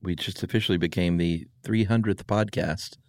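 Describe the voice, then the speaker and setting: A man co-hosting a podcast, reading listener mail aloud in a relaxed, casual way with easy laughs. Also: low-pitched, moderate pace, no echo, studio quality. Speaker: podcast co-host.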